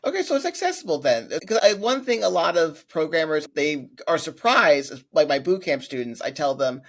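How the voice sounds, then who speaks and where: A man's voice: a little high, very animated. Curious man hosting a casual interview. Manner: curious, reacts with quick interjections. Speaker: podcast host, coding bootcamp teacher.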